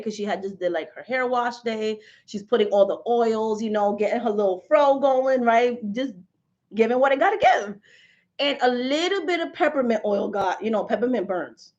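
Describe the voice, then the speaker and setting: A woman in her forties chatting casually with viewers, telling animated stories and laughing often. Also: high-pitched. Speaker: spiritual reader and channel host. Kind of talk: casual live chat with viewers. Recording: dull lo-fi livestream audio.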